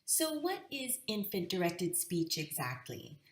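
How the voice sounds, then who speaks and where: A woman's voice: on the low side, sing-song, unhurried. A woman in her thirties explaining to parents how babies learn language, in a friendly teaching manner. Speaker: parenting educator. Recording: echoey room.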